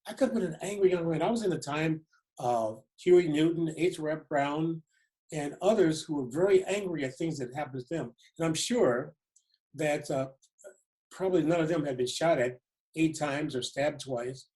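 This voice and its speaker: An older man from Detroit, a retired police chief in his seventies, lectures by recounting his own life. He speaks deliberately and reflectively, repeating words for weight, in a voice pitched a little high for a man. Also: mellow, rough recording. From Detroit, USA. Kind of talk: personal storytelling lecture.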